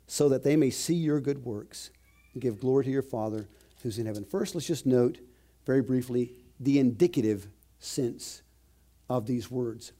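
A male pastor delivers a sermon in a mellow, darker voice. He preaches emphatically, leaning hard on key phrases by slowing down and lifting his pitch. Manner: emphatic, slows and rises to stress key phrases.

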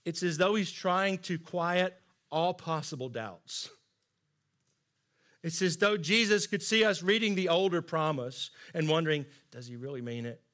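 A middle-aged man preaching a sermon, earnest and emphatic, often dropping to soft asides. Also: high voice, measured pace. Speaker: pastor.

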